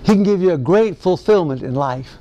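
A man preaching a folksy Bible-study sermon, excitable and often chuckling. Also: high-pitched, fairly quick, lo-fi sound.

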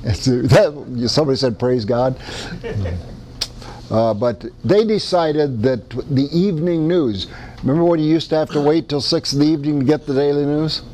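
A man's voice: on the high side, a little fast, dark tone, slight background noise. Folksy Midwestern preacher man. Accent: Midwestern American. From American Midwest. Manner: conversational, folksy, with frequent restarts. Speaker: pastor. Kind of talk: sermon.

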